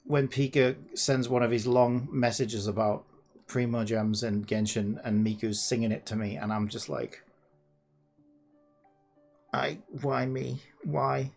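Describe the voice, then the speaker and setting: A person hosting a casual coding vlog, thinking aloud in an excitable, rambling way, pleading with the computer and sometimes dropping to a muttered whisper. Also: mid-range voice, moderate pace, faint music behind. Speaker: hobbyist developer and channel host.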